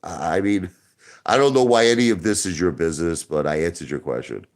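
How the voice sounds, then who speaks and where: A man's voice: low-pitched, brisk. A man hosting a casual online show, talking defensively to his viewers and stumbling over repeated words. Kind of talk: casual livestream talk to viewers.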